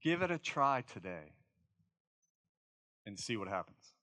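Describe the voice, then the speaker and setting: Male pastor, bright tone, conversational sermon with a reflective, informal manner. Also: fairly low pitch, sing-song, measured pace, no echo. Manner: informal, reflective, often checks in with "right?".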